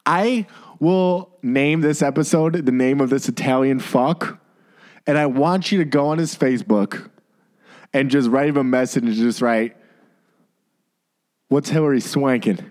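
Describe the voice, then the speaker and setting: A man's voice: medium pitch, normal speed, darkish tone. Profane, ranting man. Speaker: podcast co-host. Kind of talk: ranting podcast chat.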